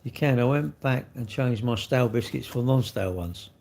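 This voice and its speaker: A man's voice: mid-range voice, normal speed, gravelly, darkish tone, slight background noise. Rambling English man on a live stream. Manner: rambling, blunt, chatty, slangy. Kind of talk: casual live-stream chat answering viewers.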